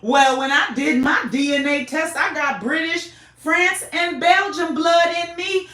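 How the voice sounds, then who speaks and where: A woman from the United States delivers an impassioned podcast monologue in a somewhat high voice. She talks emphatically and repeats key phrases for weight. The recording carries a roomy echo. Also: steady tone, measured pace, hardly any pauses, sharp tone. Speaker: podcast host.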